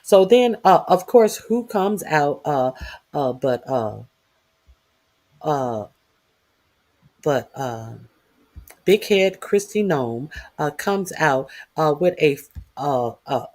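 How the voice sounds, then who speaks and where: A livestream host giving news commentary in a taunting, profane way, filling pauses with constant "uh"s. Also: mid-range voice, very animated, darkish tone. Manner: profane, taunting, heavy "uh" fillers. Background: reading chat comments.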